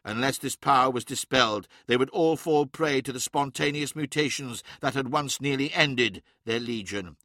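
A man reading dramatic fiction aloud as an audiobook narrator, in measured, vivid storytelling. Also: medium pitch, pushed and bright, no room sound, studio quality.

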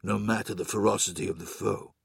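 Deep hushed fatherly warlord, voiced by a man, slow and measured, gravelly. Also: steady tone, dry recording, clean studio sound, exaggerated voice. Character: soft-spoken, fatherly supreme male war lord.

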